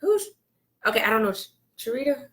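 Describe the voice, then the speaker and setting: Woman, casual live-stream host, teasing, calls viewers by name, high-pitched. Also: sing-song, a little fast. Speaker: co-host of a church Facebook Live show.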